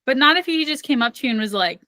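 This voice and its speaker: A young woman co-hosting a book podcast, chatting casually and spinning playful what-if scenarios with plenty of "like" fillers. Her voice is bright and sits a little high. It is recorded close and dry, with no room sound. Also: animated, fast, dry recording. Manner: playful, talks through imagined scenarios, many "like" fillers. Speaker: podcast co-host. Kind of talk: casual chat about books.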